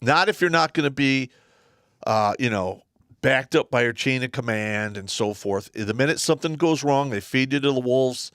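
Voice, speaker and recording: A man's voice: mid-range voice, moderate pace, clear, resonant tone, dry recording, studio quality. A man co-hosting a casual live stream, telling stories bluntly and profanely. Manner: animated storyteller, blunt and profane.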